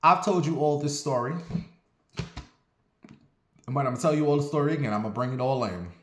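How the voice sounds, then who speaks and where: A man casually telling a personal story on his vlog, animated and profane, with sassy asides. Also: mid-range voice, brisk, roomy sound.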